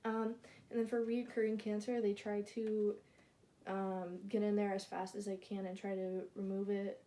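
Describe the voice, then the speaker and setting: A woman giving an informal class presentation, halting with many ums and likes and correcting herself mid-word. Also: medium pitch, flat delivery, warm tone. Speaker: student presenter.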